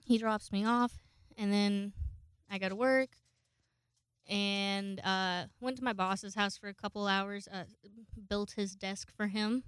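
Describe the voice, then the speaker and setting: A woman's voice: medium pitch, fairly even intonation, slow pace, fairly bright tone, clear, resonant tone, dry recording. A woman telling a rambling personal story in casual, profane chat, close to her microphone at home. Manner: chatty, profane, rambling with frequent fillers. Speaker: vlogger. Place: home, indoors.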